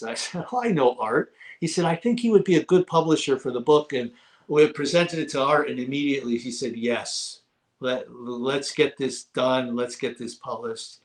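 A middle-aged man telling stories as a guest in an interview, repeating words for emphasis. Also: medium pitch. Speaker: guest author. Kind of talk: casual interview talk.

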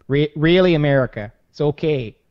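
A man doing a stammering, gentle Canadian. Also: a little high, normal speed, no room sound, muffled recording, lightly acted. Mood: soothing, awkward. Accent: Upper Midwest, Fargo-style. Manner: hesitant, stammering, soothing. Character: awkward, gentle Canadian man comforting a friend.

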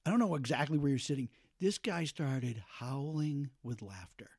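A man, a podcast host, telling a casual and lively story about watching a film, acting out quotes with lots of fillers. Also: medium pitch, normal speed, slightly rough, no echo, studio quality. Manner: animated, acts out quotes, many fillers.

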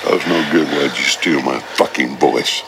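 An actor playing a bitter, deep-voiced grown man in a heated, profane quarrel, heard as a clip from a film soundtrack. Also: normal speed, background noise. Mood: angry. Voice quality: very deep and gravelly. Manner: angry and profane.

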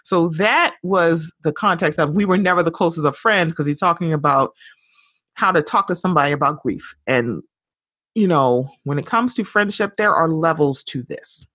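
A woman hosting a podcast, giving blunt, animated pop culture commentary and swearing freely. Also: low voice, normal speed, husky, dry recording, clean studio sound. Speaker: podcast host.

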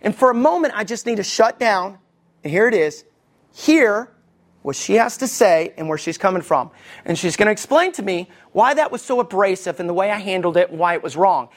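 A man preaching a sermon as lead pastor, animated and acting out quoted voices, calling out to the congregation. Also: fairly quick. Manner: animated, acts out quoted voices with big pitch jumps; calls out to the congregation for response.

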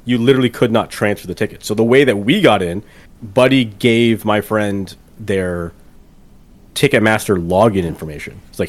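Ranting podcast co-host, low voice. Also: male voice, moderate pace. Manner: chatty, ranting, emphatic. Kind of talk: casual chat.

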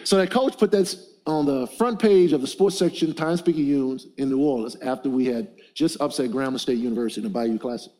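A man's voice: medium pitch, fairly quick, few pauses, darkish tone. A middle-aged man preaching to a men's gathering, leading call-and-response and telling stories with emphasis. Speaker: motivational speaker.

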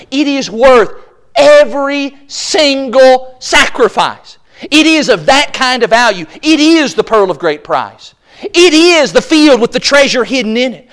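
A man preaching a sermon at a church service, impassioned, building to loud exclaims and acting out the voices he quotes. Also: very high voice.

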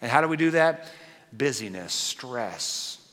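A pastor preaching a sermon in an animated, conversational way with playful asides. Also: male voice, medium pitch, unhurried, long reverb tail.

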